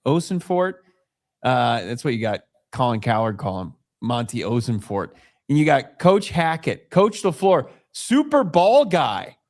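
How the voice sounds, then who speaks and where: A man's voice: medium pitch, very animated, a little slow. Sports show cohost guy, wry and teasing, reads quotes out, mid voice. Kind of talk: casual sports talk.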